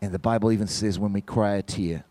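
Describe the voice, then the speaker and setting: Animated man telling a testimony in a sermon. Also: fairly low pitch, fast talker, no echo. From from outside the United States. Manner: animated storyteller addressing the congregation. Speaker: visiting church musician and speaker.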